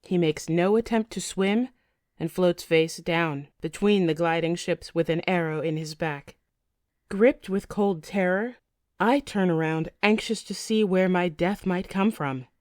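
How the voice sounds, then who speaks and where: A woman's voice: fairly low pitch, a little slow, darkish tone, no echo, studio quality. Woman narrating a tense saga in first person. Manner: vivid, tense storytelling. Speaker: audiobook narrator.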